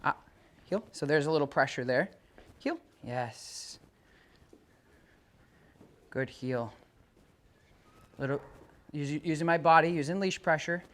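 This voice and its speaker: A dog trainer working with a dog in front of its owner. The trainer explains calmly to the owner, then calls out commands and loud, high praise to the dog. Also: slow pace, pauses often. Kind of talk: hands-on training demonstration.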